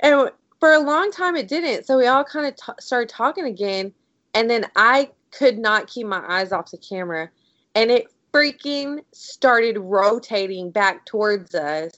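A woman co-hosting a podcast, telling a story in a casual, animated way and saying "like" a lot. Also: fairly high pitch, unhurried, dry recording. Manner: animated, excitable storyteller, heavy use of "like". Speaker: podcast co-host. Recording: dry, dull lo-fi audio.

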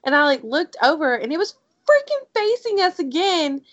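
A woman co-hosting a podcast, telling a story in a casual, animated way and saying "like" a lot. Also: high voice, moderate pace, no room sound. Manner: animated, excitable storyteller, heavy use of "like". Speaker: podcast co-host. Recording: dry, dull lo-fi audio.

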